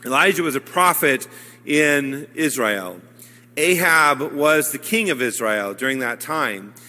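A priest giving a homily, retelling a scripture story in a conversational way and acting out the characters' lines. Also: male voice, medium pitch, sharp tone. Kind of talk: sermon. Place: church. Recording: hall reverb.

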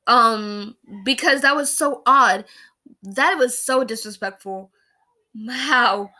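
A woman's voice: a little high, slow pace, bright, forceful tone. A woman in her early twenties talking casually about a personal loss, rambling and emotional, with many fillers and restarts. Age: early 20s. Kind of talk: casual personal talk to camera.

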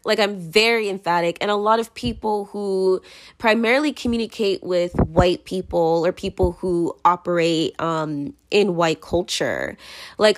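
A young adult woman hosting a casual podcast monologue, rambling and filler-heavy, laughing often while moving around indoors. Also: medium pitch. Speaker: podcast host.

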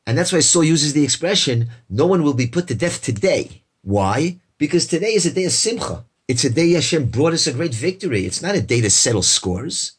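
A man teaching a verse-by-verse Bible lesson, reading each Hebrew verse and then explaining it in English, acting out the quoted speakers with lively energy. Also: fairly high pitch, brisk, few pauses, breathy edge.

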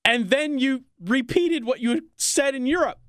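A man's voice: extremely high pitch, measured pace, a bit bright, no echo. A man hosting a talk radio show in a studio, delivering a sarcastic, opinionated monologue and laughing at his own jokes.

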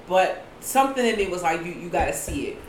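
A woman recounting a news story in casual commentary chat, animated and profane. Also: lowish voice, brisk. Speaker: co-host. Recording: echoey room with faint noise.

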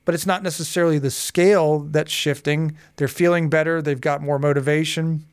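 A man in his forties, a guest on a podcast interview, telling personal stories in a lively way and acting out the dialogue. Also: a little high, a little fast, smooth, no room sound, studio quality. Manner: lively storyteller who acts out dialogue. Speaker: guest, hypnotherapist and coach.

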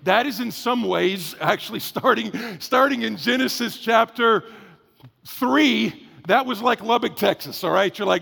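A man preaching a sermon as pastor, energetic and conversational, slipping into acted asides. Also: high voice, moderate pace, gravelly. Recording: long hall reverb.

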